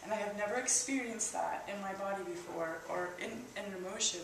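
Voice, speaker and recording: A woman tells her story before a church gathering, halting and emotional, often restarting her sentences. Her voice sits at a middling pitch and sounds distant from the microphone. The hall around her is very echoey, with a faint hiss underneath. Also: vocal fry. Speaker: church member sharing a personal testimony. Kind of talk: emotional personal testimony.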